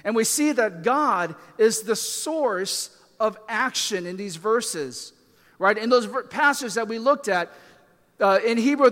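A man's voice: high voice, a bit bright, long reverb tail. A man preaching a sermon as a pastor, talking in a conversational way with fillers and self-deprecating asides.

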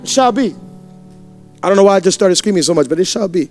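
A man's voice: high voice, rapid-fire, darkish tone, soft background music. A man pastor preaching a sermon in a church, fervent and repetitive, with call-and-response lines to the congregation.

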